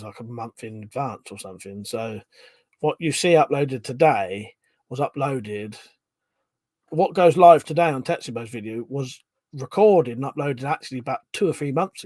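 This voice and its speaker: A man's voice: medium pitch, a little mellow, no room sound. A man with a Home Counties English accent hosting a casual livestream, rambling through viewer comments, chuckling often and swearing now and then. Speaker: livestream host.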